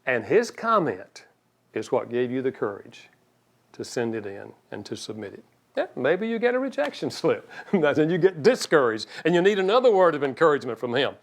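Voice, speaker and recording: Animated man giving a marriage seminar. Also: medium pitch, normal speed, vocal fry. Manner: animated, folksy, joking asides; acts out quoted spouses.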